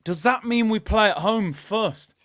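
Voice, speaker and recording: A man hosting a live football watchalong, chatting with his viewers and shouting at good news. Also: high voice, a little slow, dry recording, studio quality. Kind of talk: live fan stream chat.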